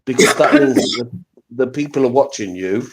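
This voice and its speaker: Blunt man, swears freely, talks in loops, relaxed live-stream chat. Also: mid-range voice, normal speed, background noise. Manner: blunt, sweary, repeats himself. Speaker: guest on a live stream panel. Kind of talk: casual chat.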